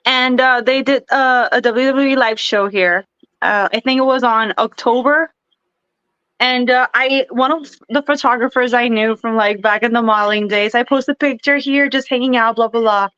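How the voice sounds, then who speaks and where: A woman's voice: fairly high pitch, normal speed, clear, resonant tone, no room sound. A young woman from Puerto Rico, a wrestler chatting as a podcast guest, telling stories in a bubbly, giggly way over a remote call. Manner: chatty, giggly, animated storyteller. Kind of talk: casual interview chat. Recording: dull, lo-fi dry sound.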